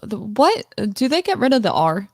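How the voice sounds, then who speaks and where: A woman hosts a casual livestream in a fairly high voice with big pitch swings, a moderate pace, and a slightly mellow tone. Giggly and playful, she laughs often and cuts herself off mid-sentence while attempting British accents, all in clean studio-quality audio with no room sound.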